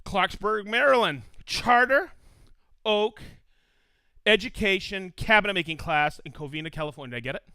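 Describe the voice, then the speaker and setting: A man's voice: high voice, moderate pace, sharp tone, clear, resonant tone, no room sound. A man hosting a live stream, reading out viewers' hometowns with upbeat enthusiasm and frequent laughs. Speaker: livestream host.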